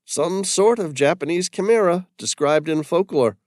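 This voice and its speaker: A man voicing a brisk investigator who explains things with certainty. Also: a little high, animated, darkish tone, no echo, clean studio sound, voice pushed up, lightly acted. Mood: explaining.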